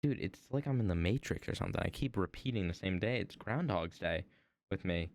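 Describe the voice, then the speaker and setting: A man streams himself woodcarving at home, chatting with viewers in a rambling, playful manner. His voice is low and expressive, running a little fast.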